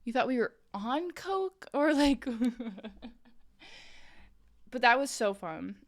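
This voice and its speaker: A woman's voice: sits high, big pitch swings, normal speed. A young woman streamer telling a story in casual chat, rambling with lots of "like" and "um" and laughing often. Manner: chatty, rambling, full of "like" and "um".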